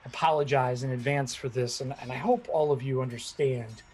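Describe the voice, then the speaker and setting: A man's voice: medium pitch, steady tone, a little fast, darkish tone, a little hiss or hum, pitched below the performer's own voice, natural voice. A man voicing an older dwarf arena owner who stammers apologetically in a tabletop game. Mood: apologetic.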